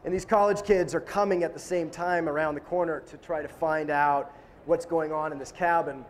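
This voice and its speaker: A man with a slightly high voice, telling stories in a casual interview. He talks in an animated, joking way and acts out the people in his stories. It is relaxed, informal storytelling. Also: moderate pace, a little hiss or hum. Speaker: film director.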